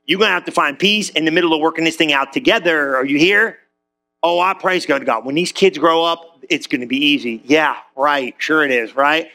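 A middle-aged male pastor preaching a lively sermon, joking and calling out to the congregation. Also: on the high side, brisk. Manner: animated, joking, calls out to the congregation.

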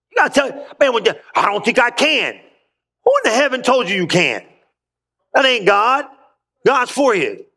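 A man's voice: high voice, pushed and bright. A man preaching a sermon as a pastor in a church, rousing and folksy, calling out to his congregation for a response. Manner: folksy, colloquial phrasing.

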